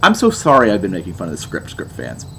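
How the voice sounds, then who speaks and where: A man's voice: fairly low pitch, wildly swooping pitch, very fast, sharp tone, a little hiss or hum. A young man giving a sarcastic, exasperated album review, mocking as he goes.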